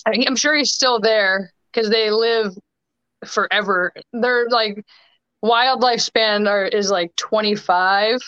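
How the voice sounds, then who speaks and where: A young adult woman telling stories as a podcast guest in casual chat, quick and chatty with frequent restarts, over a remote call. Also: mid-range voice, a bit bright, clean tone, dry recording. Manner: chatty, quick bursts with many restarts and fillers. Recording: dull lo-fi remote call audio.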